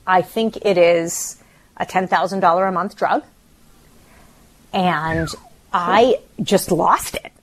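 A middle-aged woman co-hosting a radio show, talking in a shaken, emotional way with halting restarts. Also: on the low side. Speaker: radio co-host. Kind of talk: casual radio talk.

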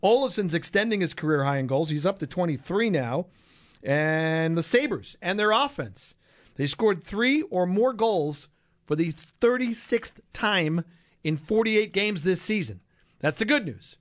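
A man's voice: sits high, lively intonation, unhurried. A man hosting a casual sports talk show, reading out stats and a sponsor line, with sarcastic asides. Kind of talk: casual sports radio chat.

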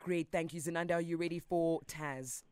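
A man's voice: on the high side, steady tone, normal speed, a little mellow, clean tone. Brief: male radio host, easygoing, laughs along, introduces callers. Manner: chatty, laughs easily. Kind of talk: casual radio hosting.

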